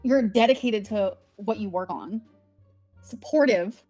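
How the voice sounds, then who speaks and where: A woman's voice: mid-range voice, unhurried, mellow, no room sound, soft background music. A woman hosting a livestream from home, talking in a candid, rambling, emotional way. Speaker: livestream host. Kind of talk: casual livestream chat.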